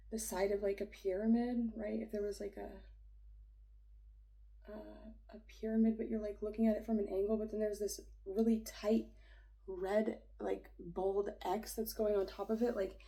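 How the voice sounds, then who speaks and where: A woman's voice: medium pitch, flat delivery, moderate pace, creaky, dark tone, poor audio. A young woman reading an astrology chart aloud in a casual, rambling way, hesitant and full of fillers, often dropping to a whisper. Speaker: astrology reader.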